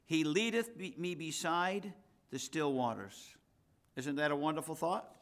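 A man's voice: a little high, unhurried, a bit bright. A man, the pastor, preaching a sermon in a conversational way and reading scripture with rising emphasis.

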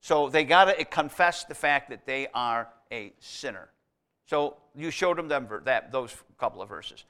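A man preaching a teaching sermon, talking through Bible verses in a conversational way and stressing key words as his loudness rises and falls. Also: mid-range voice, lively intonation, a little slow. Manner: conversational, emphatic on key words, swings between loud and quiet.

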